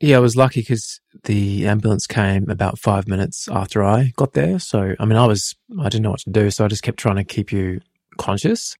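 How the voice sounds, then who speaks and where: A man in his thirties calmly retelling a personal story in plain words. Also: fairly low pitch, normal speed, dry recording, studio quality. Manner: calm, plain retelling with restarts. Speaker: podcast co-host, husband.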